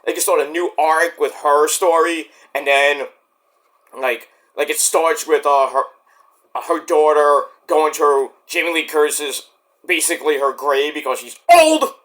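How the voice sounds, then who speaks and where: Hosting a casual podcast on his own, a man rambles, swears freely, and trails off as he loses his thread. His voice is on the high side and fairly bright, and he takes his time.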